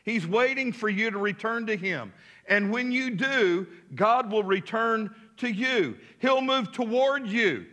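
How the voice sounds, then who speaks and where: A male pastor preaches in a high, ringing, sharply bright voice. He drives his points home with emphasis, calling out for responses from the congregation and dropping in relaxed, conversational asides. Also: measured pace. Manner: casual asides amid preaching. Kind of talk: sermon. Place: church.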